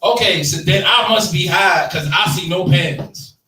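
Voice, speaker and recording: A man in his thirties doing a stand-up set, animated and slangy, chatting with the audience. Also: high-pitched, a little slow. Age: 30s. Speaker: stand-up comedian. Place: live comedy show room. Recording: echoey room, mic from far off.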